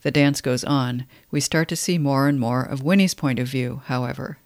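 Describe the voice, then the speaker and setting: A man's voice: mid-range voice, moderate pace, no echo, clean studio sound. Wry man commenting on a novel. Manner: wry, conversational commentary between read passages. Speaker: literary commentator.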